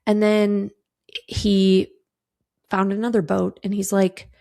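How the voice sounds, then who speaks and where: A woman's voice: mid-range voice, level tone, normal speed, creaky, pauses often, a little mellow. A woman in her thirties hosting a casual solo podcast, chatting breezily, swearing casually and acting out quoted conversations. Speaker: podcast host.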